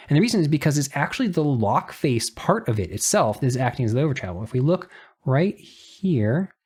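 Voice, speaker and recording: A man's voice: medium pitch, a little mellow, slightly rough. Chatty man reviewing knives up close. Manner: talkative, detail-focused, frequent restarts. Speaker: knife reviewer. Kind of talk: casual show-and-tell review.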